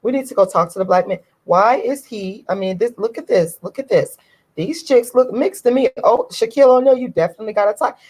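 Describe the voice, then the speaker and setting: A woman's voice: mid-range voice, expressive, a little fast, a little mellow, slightly rough, poor audio. A woman vlogger giving a ranting commentary to her viewers, emphatic and indignant, repeating her points over and over.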